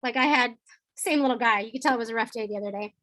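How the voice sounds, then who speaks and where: Woman teacher, lively training talk, acts out kid-friendly phrases, dry recording. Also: on the high side, rapid-fire, dry recording, low-quality recording.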